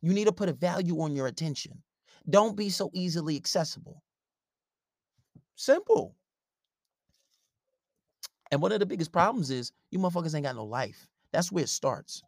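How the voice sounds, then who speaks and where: A man's voice: a little high, lively intonation, moderate pace, vocal fry, pauses often, darkish tone, no echo, studio quality. A man delivering a blunt, profane advice rant in a confrontational way. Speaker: relationship advice commentator. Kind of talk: ranting advice monologue.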